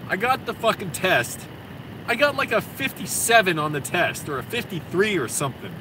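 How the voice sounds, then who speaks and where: A slightly high-voiced man rambles into his phone camera, cursing freely as he vents. A steady air-conditioning hum runs clearly under his voice in the noisy car recording. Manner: profane, rambling, quick to vent. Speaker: vlogger. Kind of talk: rambling casual monologue.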